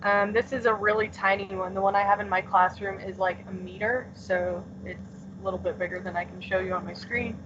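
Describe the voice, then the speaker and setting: A woman's voice: mid-range voice, fairly even intonation, a little fast. Teacher lady explaining stuff on a video call, lots of um and like, kinda muffled. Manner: casual, filler-heavy explaining with many "um" and "like". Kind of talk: remote class lesson. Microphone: computer mic on a video call. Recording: dull lo-fi call audio, faint hiss.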